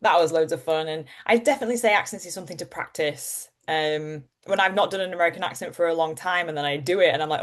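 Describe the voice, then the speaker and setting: Young woman, soft Yorkshire lilt, animated comedic guest in a casual interview. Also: low voice, fast, few pauses. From Yorkshire, England. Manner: animated and comedic, laughing often, jumps into playful voices. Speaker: actor and presenter, guest.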